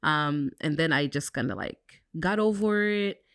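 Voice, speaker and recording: A young woman with a notably low voice talks openly and reflectively as a podcast co-host. Her speech is loose and casual, full of "um" and "like." The recording is dry and close, with no room sound. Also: lively intonation, a little slow, a bit bright, no echo. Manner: candid, reflective, fillers like "um" and "like". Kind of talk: casual chat.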